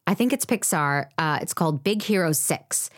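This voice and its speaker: A woman in her thirties with a fairly low voice co-hosts a casual film podcast. She talks in a loose, chatty way, peppered with fillers. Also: animated, normal speed. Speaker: podcast co-host.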